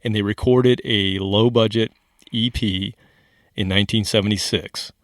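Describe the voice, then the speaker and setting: Low-voiced man hosting a music podcast. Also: unhurried, no echo, studio quality. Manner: relaxed, explanatory, with restarts. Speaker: podcast host. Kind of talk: casual chat about music.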